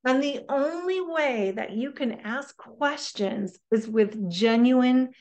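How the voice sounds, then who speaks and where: A middle-aged woman presenting a parenting workshop in a lively, conversational way, often checking in with her listeners. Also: sits high, takes it slowly.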